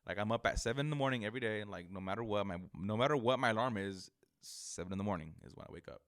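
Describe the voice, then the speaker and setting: Low, forceful young man chatting casually. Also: very fast. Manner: rambling, slangy, many restarts and fillers. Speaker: barber, podcast guest. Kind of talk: casual chat.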